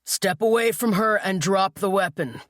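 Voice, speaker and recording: A woman voicing a firm male police officer who gives steady, commanding orders in an audiobook. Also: medium pitch, moderate pace, no room sound, studio quality, pitched above the performer's own voice, natural voice.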